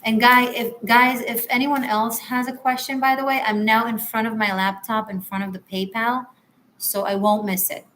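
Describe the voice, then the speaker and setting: A woman's voice: fairly high pitch, fairly even intonation, normal speed, a bit bright, a little hiss or hum. A woman tarot reader on a live stream, chatting with viewers and apologizing as she gives readings.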